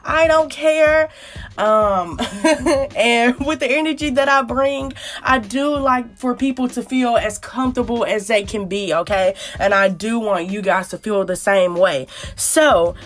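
A woman's voice: fairly high pitch, moderate pace, few pauses. A woman hosting her own podcast, with playful, chatty talk and story time aimed straight at her listeners. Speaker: podcast host. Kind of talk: casual chat and story time.

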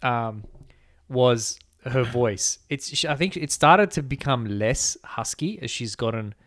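A married man co-hosting a podcast, talking in a relaxed, understated way with drifting asides. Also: medium pitch, takes it slowly, dry recording, clean studio sound. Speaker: podcast co-host. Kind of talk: casual chat.

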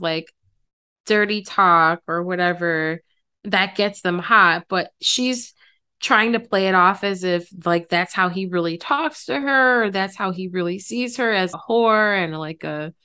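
Podcast co-host, woman, clean bright voice, dry skeptical questions in casual chat. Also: medium pitch, expressive, a little slow, smooth. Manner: skeptical, asks follow-up questions. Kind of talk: casual true crime chat.

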